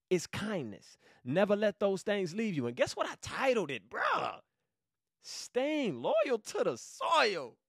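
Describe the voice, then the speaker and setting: Podcast host, young Georgia man, hyped slangy Bible talk, lively swinging pitch, close dry mic. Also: no room sound. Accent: Southern US, Georgia. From Savannah, Georgia. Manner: hyped, slangy, bursts into loud exclamations. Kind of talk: excited casual Bible teaching.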